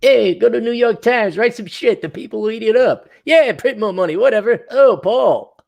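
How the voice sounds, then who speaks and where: A man's voice: extremely high pitch, expressive, normal speed, creaky, a little mellow, highs cut off, pitched above the performer's own voice, exaggerated voice. A man putting on the voice of a smug male economist who mumbles as if his mouth is full and sneers. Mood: mocking.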